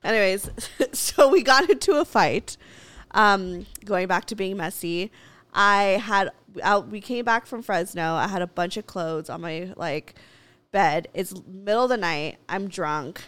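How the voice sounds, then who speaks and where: A woman's voice: medium pitch, unhurried, fairly bright tone, smooth, no echo. A woman co-hosting a casual chat, telling a rambling story with lots of fillers and giggles. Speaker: podcast co-host.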